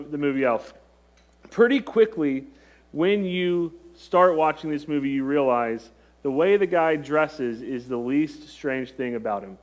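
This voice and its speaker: A man in his thirties gives a relaxed, talkative sermon. He jokes with the congregation and often breaks off mid-sentence to restart. His voice sits a little higher than most men's. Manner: chatty, joking, self-interrupting. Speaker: pastor. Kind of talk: conversational sermon.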